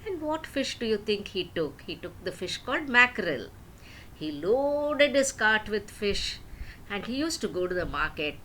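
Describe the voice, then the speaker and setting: Lively older woman telling a story. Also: medium pitch, normal speed, slight background noise, poor audio. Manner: asks the young listeners questions. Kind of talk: storytelling for children.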